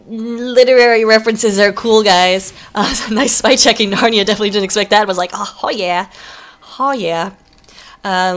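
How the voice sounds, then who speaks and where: A young woman giving live play-by-play commentary on a team video game, chatty and excitable, with joking asides. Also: mid-range voice. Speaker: esports caster.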